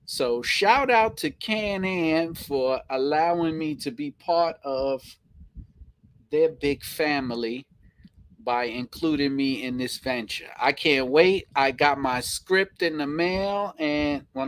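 A man's voice: on the high side, takes it slowly. A man with a thick New York accent hosting a casual live stream, chatting playfully and reading viewer comments aloud, repeating phrases and chuckling often.

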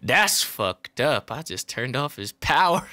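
A man's voice: medium pitch, sing-song, measured pace, pushed and bright. A man giving let's play commentary who swears a lot, yelps when startled and jokes to himself between bursts. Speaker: gaming YouTuber.

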